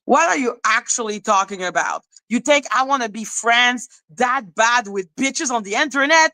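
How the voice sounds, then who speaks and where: A woman's voice: fairly high pitch, measured pace, pushed and bright, dry recording, low-quality recording. A woman hosting a commentary channel, ranting in an exasperated, profane and mocking way and repeating questions in disbelief.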